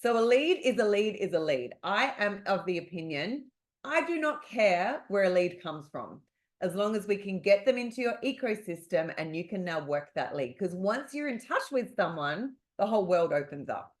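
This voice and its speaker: A woman's voice: mid-range voice, moderate pace. Emphatic Australian woman sales coach. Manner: energetic, motivational, emphatic repetition. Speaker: real estate sales coach. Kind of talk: webinar teaching. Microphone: video call.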